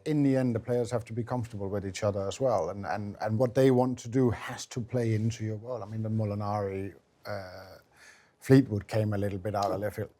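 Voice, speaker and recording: Danish man in his fifties, thoughtful and halting in English chat, low pitch. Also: fairly even intonation, warm tone. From Denmark. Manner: reflective, hesitant restarts. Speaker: former Ryder Cup captain. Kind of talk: casual dinner chat.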